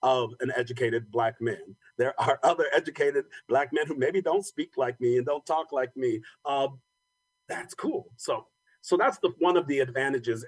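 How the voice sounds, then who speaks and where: A man's voice: medium pitch, no room sound, low-quality recording. A man speaking earnestly and reflectively on a conference panel, sometimes repeating words as he thinks. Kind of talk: personal panel talk.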